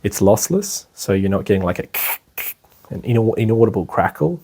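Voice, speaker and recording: A man's voice: lowish voice, very animated, moderate pace, mellow, husky. A young man giving a casual, rambling lecture to a class, full of "you know" and asides. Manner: chatty and rambling, with frequent "you know" and laughs. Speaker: meditation class teacher.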